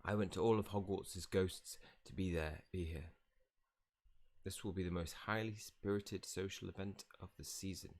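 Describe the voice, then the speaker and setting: A man's voice: low voice, fairly even intonation, moderate pace, darkish tone. A man voicing a pompous, theatrical old male ghost nobleman in a grand, formal manner, reading game dialogue aloud. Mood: grandiose. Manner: grand, formal delivery, attempting a British accent.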